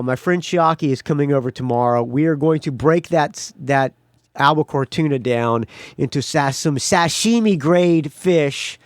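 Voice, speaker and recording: A man's voice: fairly high pitch, dry recording, studio quality. A man hosting his own podcast, telling a rambling story in a casual monologue and acting out other people's lines. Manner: rambling storyteller, acts out quotes loudly. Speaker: podcast host.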